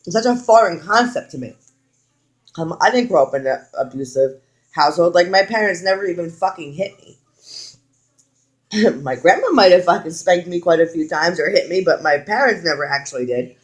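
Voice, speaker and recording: A woman's voice: fairly low pitch, moderate pace, pauses often. A young woman tells a personal story straight to camera in a casual vlog. She speaks bluntly and swears freely. She leans into the lines she quotes. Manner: frank, heavy swearing, animated retelling with quoted lines. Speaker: vlogger.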